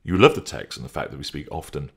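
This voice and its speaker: A man's voice: extremely low pitch, sing-song, fast talker, vocal fry, breathy edge, heavily acted. A man voicing an anxious, pleading man who is desperate to hold on to his partner, in an audiobook reading. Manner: pleading, defensive.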